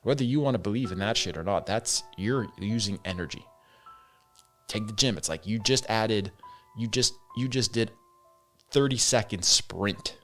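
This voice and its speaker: A man with a lowish voice talks on his own, loose and candid, swearing now and then and calling the listener "man". Faint music plays under him. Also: normal speed, a bit bright. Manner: candid, swears freely, says "man" and "dude". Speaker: podcast host. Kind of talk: casual solo monologue.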